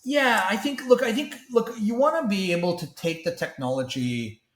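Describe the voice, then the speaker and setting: A man from Canada, a tech company CEO guest on a podcast, talking in an animated, conversational way with frequent restarts and repeated words. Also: sits high, moderate pace, roomy sound.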